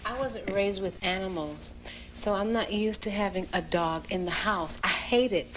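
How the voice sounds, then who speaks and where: A woman's voice: medium pitch, moderate pace, a bit bright, slight background noise. A woman in the audience venting in an exasperated way and laughing as she talks. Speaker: audience member.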